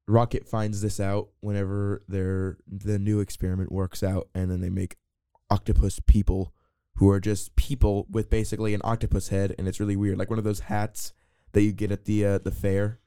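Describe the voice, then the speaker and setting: A man's voice: lowish voice, mellow, clean tone, dry recording, studio quality. A young man co-hosting a podcast, chatting casually about a movie, rambling with many restarts and playful banter. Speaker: podcast co-host. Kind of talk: casual movie review chat.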